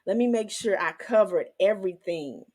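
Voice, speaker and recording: Woman, faith teaching host, emotional, animated, touches, mid-pitched voice. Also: moderate pace. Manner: emotional, animated, laughs and testifies. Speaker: Christian women's channel host.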